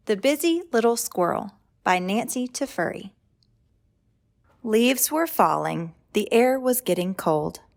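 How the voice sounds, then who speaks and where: A children's librarian reading a picture book aloud to kids in a gentle, clear and unhurried manner. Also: female voice, medium pitch, animated.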